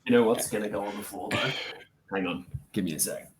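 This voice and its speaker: A man co-hosting a casual podcast, relaxed and jokey, swearing now and then. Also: on the low side, fast talker. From Australia. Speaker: podcast co-host.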